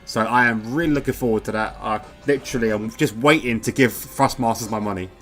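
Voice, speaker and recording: A man's voice: medium pitch, a little fast, fairly bright tone, faint music behind. A man giving casual live commentary on a sim race, chatting in a rambling way with lots of fillers, speaking into a wireless headset.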